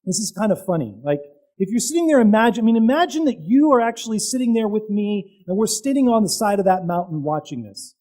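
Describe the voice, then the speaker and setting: A man preaching a sermon to a congregation, telling the story with dramatic pauses, loud peaks and casual asides to the audience. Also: sits high, very animated, low-quality recording.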